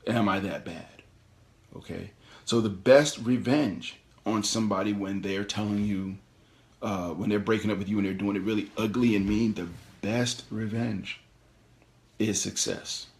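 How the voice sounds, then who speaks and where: A middle-aged man hosting a call-in show, giving animated, preachy career advice and repeating his key phrases. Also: fairly low pitch, a little slow. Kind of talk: motivational career talk.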